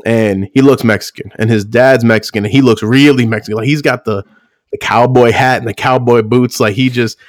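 A man's voice: mid-range voice, fairly even intonation, brisk, no room sound, clean studio sound. A man on a podcast telling stories in casual chat, swearing and laughing often. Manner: loose, profane, laughs often, acts out quotes.

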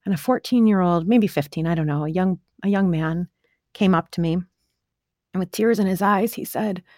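A woman's voice: fairly low pitch, normal speed, a little mellow, no echo. Woman motivational speaker, earnest and chatty, lots of fillers, dry close recording. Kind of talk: casual storytelling to camera.

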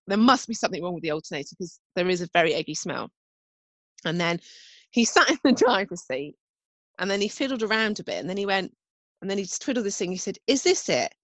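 A woman's voice: mid-range voice, fairly bright tone, no echo. A woman, co-hosting a casual chat and telling stories in a chatty, self-mocking way, with the odd casual swear. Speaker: podcast co-host.

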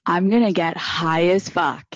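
A woman's voice: lowish voice, unhurried, dry recording, highs cut off. A woman hosting a podcast live, giving blunt, profane advice and gushing over her listeners in casual chat. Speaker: podcast host.

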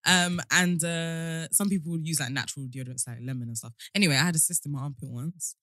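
A woman's voice: low voice, fast, a bit bright, no echo, clean studio sound. A young adult woman co-hosting a podcast in casual chat, playful and often laughing. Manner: playful, laughing, drops into quotes. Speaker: podcast co-host.

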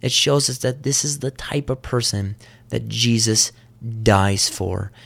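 An earnest male preacher with a mid-pitched voice delivers a sermon. He retells the passage like a story and addresses the listeners directly. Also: unhurried, gravelly, a bit bright. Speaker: pastor.

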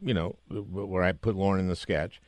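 A man hosting an interview podcast, speaking in halting restarts and prompting his guest. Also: deep voice, fairly even intonation, no echo. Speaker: podcast host. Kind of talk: casual interview chat.

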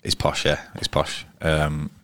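Give me a low-voiced bloke in his thirties, telling stories in a loose, rambling way. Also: monotone, unhurried, a bit bright, no echo, studio quality. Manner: rambling, frequent restarts and fillers. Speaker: guest cricketer. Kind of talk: casual storytelling interview.

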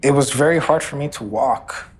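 A man's voice: mid-range voice, normal speed, soft background music. A man giving documentary interview testimony, recounting a shooting in an earnest, emotional first-person way.

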